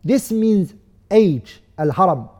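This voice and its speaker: A man with a high, mellow voice teaching a class. He keeps asking questions and answering them himself, and recites set phrases as he goes. His voice rings with the long reverb of a large hall. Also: lively intonation, takes it slowly. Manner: recites phrases in another language. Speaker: teacher of a study course. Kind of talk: classroom lesson explaining texts.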